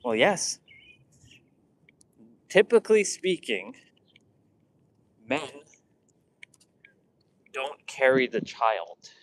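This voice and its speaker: A man's voice: medium pitch, sing-song, very slow, pauses often, poor audio. Guy rambling thru a funny story, lots of restarts, does little voices for people. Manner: rambling, many restarts, acts out quotes. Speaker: vlogger. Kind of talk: casual storytelling.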